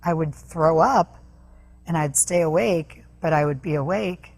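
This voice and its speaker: A woman guest on an interview show, telling a personal story earnestly, with halting restarts. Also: low voice, a little mellow. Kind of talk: personal testimony in a talk interview.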